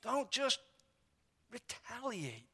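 A man's voice: very high voice, very animated, takes it slowly, vocal fry, pushed and bright, slightly rough. A man preaching a sermon as pastor in a church, in an emphatic, conversational way with lots of repetition. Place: church sanctuary. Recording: long reverb of a church hall.

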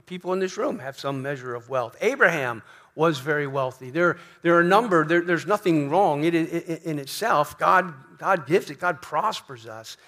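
A man's voice: on the high side, a bit bright. A man preaching a sermon in a church, emphatic, often repeating questions and asking "right?". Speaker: pastor.

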